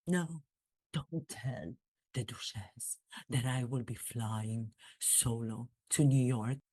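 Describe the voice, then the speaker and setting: A woman impersonating a nervous, secretive prince, hushed and self-pitying in a satirical impression. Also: very deep voice, no room sound, full character voice.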